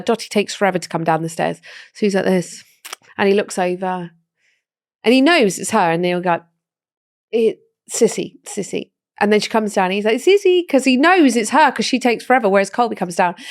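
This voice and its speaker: A woman's voice: medium pitch, dry recording, studio quality. A woman in her thirties co-hosting a podcast, telling family stories with lots of laughter and mimicking her children's voices. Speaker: podcast co-host. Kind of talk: casual chat.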